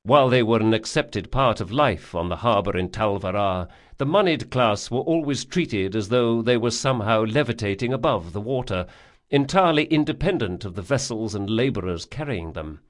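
A man narrating a fantasy audiobook in a measured, vivid storytelling manner. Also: lowish voice, animated. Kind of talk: scripted narration.

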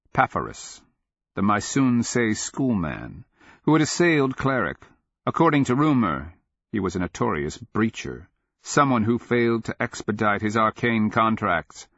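A man giving steady, measured scripted narration of a fantasy audiobook, on a dull lo-fi recording. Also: on the low side, no room sound.

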